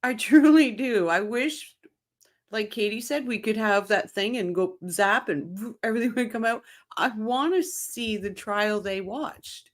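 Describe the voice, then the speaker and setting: A woman from Ontario, Canada hosts a casual livestream, reading viewer chat and greeting people by name while laughing often. Her voice is fairly high and her pace a little slow.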